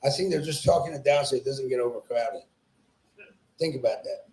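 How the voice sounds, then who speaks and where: A medium-pitched man with a dark tone speaks a little fast. Recorded in the echoey room of a small comedy club, he performs crude, profane open-mic stand-up, teasing the crowd and laughing at his own jokes.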